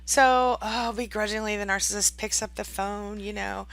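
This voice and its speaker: A woman's voice: medium pitch, steady tone, normal speed, gravelly, few pauses, very noisy. A woman coaching abuse survivors in a direct-to-camera advice talk, chatty and constantly checking in with "right?" and "okay?", acting out the voices she quotes. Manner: acts out quoted voices dramatically.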